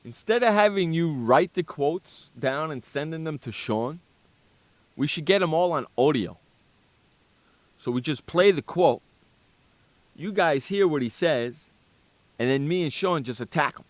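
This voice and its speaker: A man co-hosting a sports radio show, ranting and hurling mock insults in bursts of loud scorn. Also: on the high side, animated, unhurried, pauses often, no echo. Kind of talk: comedic sports talk rant.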